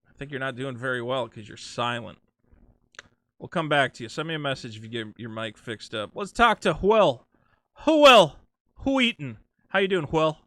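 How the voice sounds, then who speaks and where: A man's voice: mid-range voice, no echo. A man hosting a call-in show, chatting casually and joking around with guests. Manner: animated, joking, quick to riff. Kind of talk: casual chat.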